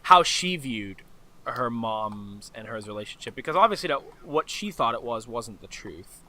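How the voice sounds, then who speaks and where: A man's voice: mid-range voice, big pitch swings, moderate pace, bright, forceful tone. A man hosting a casual podcast chat, rambling with many restarts and fillers. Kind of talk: casual chat about a video game.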